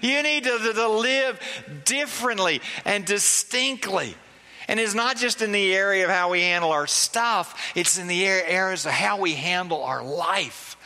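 High, bright-voiced pastor preaching. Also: male voice, normal speed. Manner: conversational preaching with rhetorical questions. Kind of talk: sermon. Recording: long reverb of a large hall.

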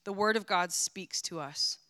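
A woman's voice: mid-range voice, dry recording. Woman reading scripture, dry close sound. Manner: measured, even reading. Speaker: scripture reader.

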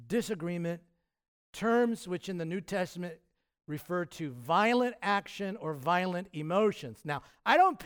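A male pastor preaching with lively, emphatic bursts and casual asides. His voice sits a little high for a man, and he keeps a conversational tone between the peaks. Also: clean tone. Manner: animated preaching with sudden loud emphatic peaks and acted quotes; conversational, with fillers and restarts. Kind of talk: sermon.

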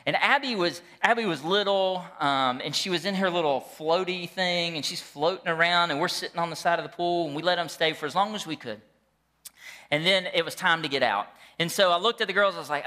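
A middle-aged male pastor delivers a sermon in a bright, forceful voice that sits a little high for a man. He tells stories animatedly and jokes with his congregation. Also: brisk. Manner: animated, jokey storytelling with the congregation.

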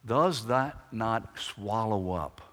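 A man preaching a sermon, swinging between loud, emphatic declarations and hushed, quiet lines. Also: lowish voice, animated, normal speed. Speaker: pastor. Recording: long hall reverb.

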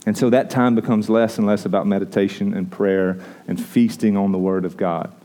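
Male pastor, warm low-key tone, conversational sermon, frequent restarts. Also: fairly even intonation, normal speed. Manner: conversational preaching with repeated restarts.

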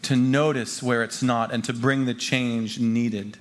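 A man preaching a sermon to his congregation as pastor. He talks emphatically, repeats key phrases and swings from hushed lines to loud ones. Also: mid-range voice, fairly even intonation, measured pace. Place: church gathering before a congregation.

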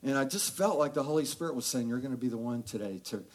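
Guy preaching, chatty storytelling sermon, acts out the voices, middle pitch. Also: quick pace. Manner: conversational, animated storytelling with quoted voices. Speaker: pastor.

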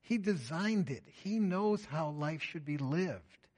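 Male pastor, slightly high pitch, preaches with big swings from loud emphasis to quiet, low asides. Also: lively intonation, slow pace, breathy edge. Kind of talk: sermon.

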